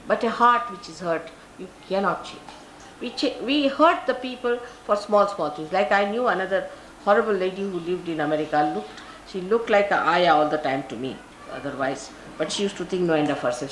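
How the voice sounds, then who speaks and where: A woman's voice: lowish voice, a little hiss or hum. An older woman from India with an Indian English accent, giving a spiritual talk and telling stories in which she acts out the people she quotes. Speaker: spiritual teacher. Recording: roomy archival live recording.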